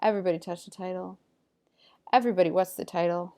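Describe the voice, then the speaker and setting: A woman teacher leading a recorded reading lesson, saying each word clearly and patiently in call-and-response drills. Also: on the low side, fairly even intonation, quick pace, long pauses, darkish tone.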